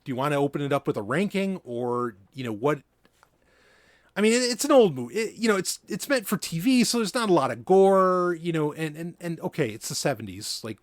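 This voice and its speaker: A male podcast host talks in a loose, conversational way and often pauses on fillers. His voice is close and dry, with no room sound. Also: on the high side, no echo. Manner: relaxed, with frequent fillers and restarts.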